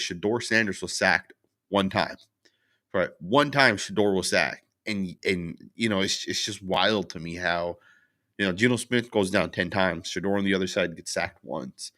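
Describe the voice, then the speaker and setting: A young man with a low, deep voice and a bright, forceful edge, venting about a loss in a casual recap. He rambles and restarts, packs his talk with fillers, and stops to answer viewers' chat comments. His frustration holds steady from start to finish. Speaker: sports channel host. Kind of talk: casual post-game recap, reading chat.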